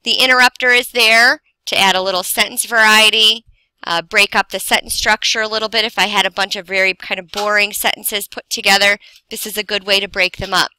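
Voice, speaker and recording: A woman teaching a grammar lesson, explaining slowly and deliberately with pauses for emphasis. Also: medium pitch, little pitch movement, pushed and bright, clean tone, no room sound, poor audio. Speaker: English teacher.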